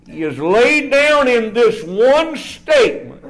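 A man preaching a sermon in a church in a folksy, drawn-out way, often dropping to a low murmur. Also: big pitch swings.

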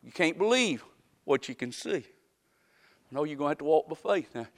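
A man preaching a folksy sermon that swings from quiet talk up to shouting. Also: fairly high pitch, lively intonation, moderate pace.

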